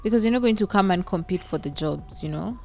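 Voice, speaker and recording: Woman, podcast co-host, questioning, mid-pitched voice, faint music. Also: animated, quick pace, gravelly, dark tone. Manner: prompting questions, short affirmations. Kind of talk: casual podcast chat.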